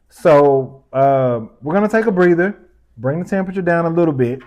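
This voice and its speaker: A man hosting his own news commentary podcast, speaking passionately with casual asides, then settling into a calmer, more respectful tone. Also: medium pitch. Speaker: podcast host.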